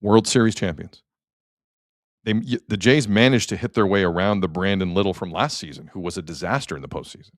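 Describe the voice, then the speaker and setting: A man's voice: sits low, fairly quick, no echo, studio quality. A man hosting a sports talk show, ranting emphatically with rhetorical questions in casual talk.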